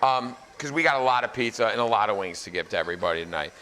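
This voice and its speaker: A man's voice: lowish voice, expressive, rapid-fire, bright, forceful tone, a little hiss or hum. A man in his forties hosts a live cooking demo, joking and teasing the audience between tips. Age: 40s. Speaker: celebrity chef host. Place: pizza academy kitchen before a live audience.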